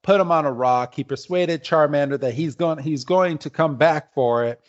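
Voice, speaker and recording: A man co-hosting a podcast in casual chat, retelling the plot with halting fillers. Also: on the high side, lo-fi sound. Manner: rambling, halting, with many fillers. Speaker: podcast co-host.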